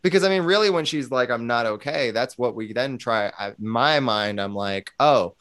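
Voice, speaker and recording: A man's voice: medium pitch, moderate pace, fairly bright tone. A man in casual conversation who talks animatedly, swears freely and acts out bits of dialogue. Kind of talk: casual chat.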